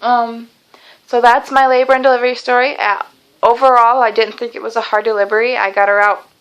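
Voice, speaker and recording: A woman's voice: a little high, level tone, fairly quick, fairly bright tone, clean tone, rough recording. A young woman telling a long personal story in a casual vlog, chatty and rambling, with many fillers and restarts. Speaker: vlogger.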